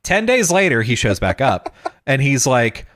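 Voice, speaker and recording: Animated man telling a story. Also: medium pitch, a little slow. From Texas. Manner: animated, acts out quoted people, swears, laughs mid-story. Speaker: podcast host. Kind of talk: casual storytelling.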